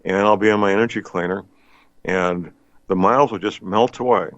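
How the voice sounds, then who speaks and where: A man's voice: on the low side, normal speed, dry recording. An older man hosting a radio talk show, chatting in a folksy, rambling way with many fillers. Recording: dull lo-fi radio sound.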